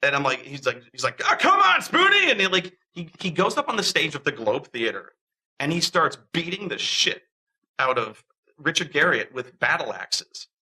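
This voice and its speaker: Animated man telling a story, bright voice. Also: fairly high pitch, normal speed, slightly rough, rough recording. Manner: animated, acts out quoted voices, many restarts. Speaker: interviewee. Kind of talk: casual storytelling.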